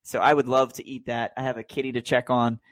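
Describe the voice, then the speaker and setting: A man's voice: medium pitch, level tone, quick pace, fairly bright tone, no echo. Easygoing man hosting a podcast, dry sound. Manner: easygoing, brings the show to a close. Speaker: podcast host. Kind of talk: casual sports chat.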